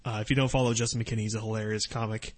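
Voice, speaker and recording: A man's voice: fairly low pitch, flat delivery, racing. A man co-hosting a loose, casual podcast. He rambles, jokes, and pokes fun at himself. He has hiccups from finishing his beer. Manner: rambling, joking, self-deprecating. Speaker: podcast co-host. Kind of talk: casual chat.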